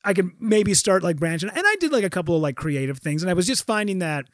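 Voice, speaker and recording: A middle-aged man and stand-up comedian telling stories in a casual chat, animated and swearing freely, with many restarts. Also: sits high, fast, no echo. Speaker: stand-up comedian, podcast guest.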